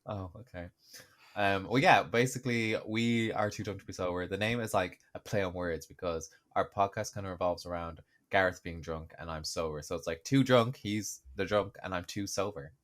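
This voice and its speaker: A man's voice: deep voice, normal speed, fairly bright tone. A young man co-hosting a podcast in casual, sarcastic chat. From Ireland. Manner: chatty, joking, sarcastic. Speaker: podcast co-host.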